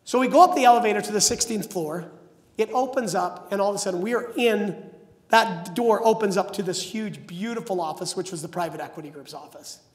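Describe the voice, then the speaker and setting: An energetic middle-aged man with a high voice tells stories from a seminar stage, acting out the people he quotes. His voice rings through a large hall with a long, echoey tail. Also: brisk. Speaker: motivational speaker. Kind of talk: live seminar storytelling.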